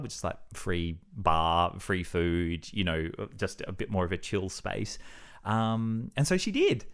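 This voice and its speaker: A man's voice: low-pitched, big pitch swings, a little slow. Rambling self-deprecating man. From Australia. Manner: rambling, self-deprecating, many fillers and restarts. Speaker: vlogger. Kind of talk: casual reflective monologue.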